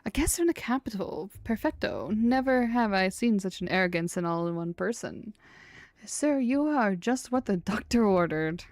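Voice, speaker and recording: A woman's voice: medium pitch, lively intonation, moderate pace, a little mellow, dry recording, studio quality, close to an everyday voice. A woman voicing a pompous male theater director who speaks in a grand, theatrical way with showy Italian flourishes. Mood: grandiose.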